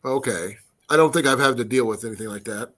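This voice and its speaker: A man's voice: mid-range voice, quick pace, fairly bright tone. A man hosting a casual livestream chat, joking around and sometimes hunting for the right word. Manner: joking, searching for words. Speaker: livestream host.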